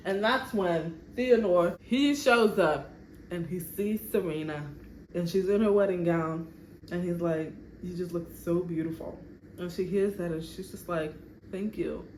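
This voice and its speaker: A woman's voice: fairly low pitch, unhurried. Chatty woman telling a game story. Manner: chatty, animated, laughs often. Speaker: vlogger. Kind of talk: casual storytime narration. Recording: echoey room, faint background noise.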